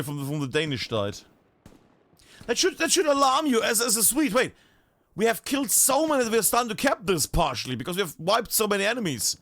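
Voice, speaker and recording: A man from northern Bavaria, a German speaker, giving chatty live commentary on a team shooter match as caster. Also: a little high. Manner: chatty, animated, swears casually. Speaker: esports caster.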